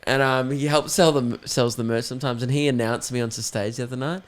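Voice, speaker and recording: A man's voice: medium pitch, fast. A young adult man with an Australian accent, hosting a podcast, telling stories in casual chat with lots of laughing and swearing. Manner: swearing, laughing, animated storytelling. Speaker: podcast host.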